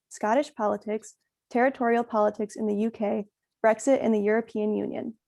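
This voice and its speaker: A woman's voice: medium pitch, vocal fry, dark tone, no room sound. A young woman, a college student, reads a prepared introduction of a guest speaker. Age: young adult.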